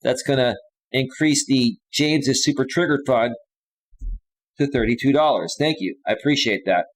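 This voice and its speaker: A man's voice: medium pitch, moderate pace. A man hosting a live stream, casually chatting and reading out viewer comments and donations. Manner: laid-back, says "bro" and "man" often.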